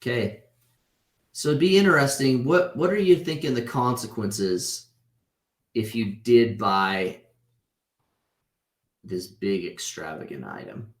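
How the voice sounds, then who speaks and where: With long pauses and a slow, mid-range voice, a man in his thirties teaches a casual online class by video call. His style is conversational, with "right?" tagged onto his points. The room echoes noticeably.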